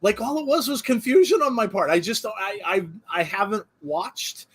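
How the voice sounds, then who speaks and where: A man's voice: high-pitched, normal speed, breathy edge. A man hosting a live wrestling watch-along, chatting casually and rambling with frequent laughter. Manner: animated, rambling, laughs often. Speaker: host.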